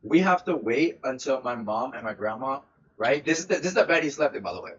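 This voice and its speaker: A young man streamer telling a story in a casual, animated way, full of swearing and repeated words. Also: medium pitch, a little fast, husky, dull audio. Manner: animated, profane, repeats himself often.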